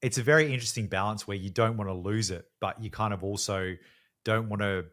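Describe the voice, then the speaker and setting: A man's voice: lowish voice, fairly quick, fairly bright tone. A man in a casual chat, reflective and joking, who swears for emphasis.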